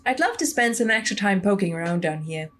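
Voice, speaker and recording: A woman's voice: medium pitch, animated, a little fast, fairly bright tone, natural voice. A woman voicing an unbothered young ghost hunter in a game, speaking in a breezy, teasing way close to her own voice.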